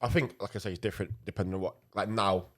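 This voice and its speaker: A man's voice: on the low side, fairly even intonation, very fast. A man, a goalkeeper co-hosting a podcast, talking casually with many restarts and repeated words. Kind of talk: casual chat.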